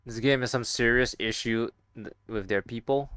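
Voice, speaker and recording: A man's voice: mid-range voice, moderate pace, fairly bright tone, slight background noise. A young man streaming a VR game, chatting casually with viewers in a rambling, stop-start way with some swearing. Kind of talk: casual gaming stream chat.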